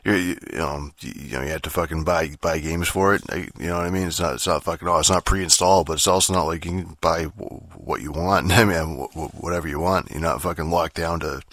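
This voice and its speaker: A podcast host man talking off the cuff, cursing in nearly every phrase and restarting his sentences. His voice sits very low yet carries a bright, forceful edge. The recording is dry and close. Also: steady tone, brisk, few pauses, dry recording. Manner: profane, rambling, many fillers and restarts. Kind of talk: casual rambling podcast monologue.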